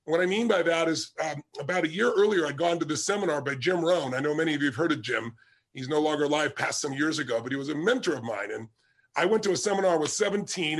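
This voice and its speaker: A man's voice: a little high, gravelly, fairly bright tone, slightly rough. A middle-aged man giving an emphatic motivational talk to his audience, telling stories and punching key words. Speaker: motivational speaker.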